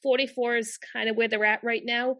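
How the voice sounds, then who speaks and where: A woman's voice: fairly high pitch, level tone, a little fast, fairly bright tone, muffled recording. A young woman co-hosting a casual chat, talking in a loose, rambling way with fillers. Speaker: co-host.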